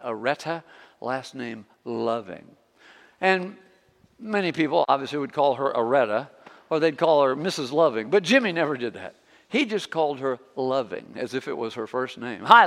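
Gravelly impassioned male preacher. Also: medium pitch, big-room sound. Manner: impassioned, swings from hushed prayer to loud exhortation. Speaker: pastor. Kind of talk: sermon. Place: church sanctuary.

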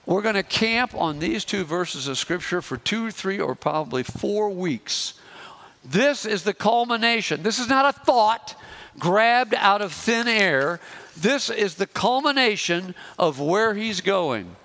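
A man preaching a sermon as pastor, slowing down and pressing hard on key phrases. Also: high voice, expressive, fairly bright tone. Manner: emphatic, slows and rises on key phrases.

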